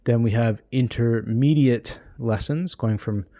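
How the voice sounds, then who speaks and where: A man's voice: mid-range voice, a little slow, mellow, no room sound, studio quality. A man patiently walking through a language-learning website, explaining each exercise as he clicks. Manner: patient, explanatory, thinking aloud while clicking. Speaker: language course creator. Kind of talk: screen-recorded website walkthrough.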